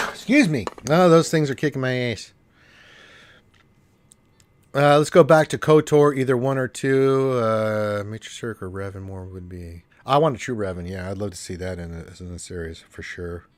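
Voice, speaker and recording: A man's voice: medium pitch, lively intonation, moderate pace. A congested man with allergies, hosting a casual gaming livestream and rambling with cursing asides. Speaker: livestream host.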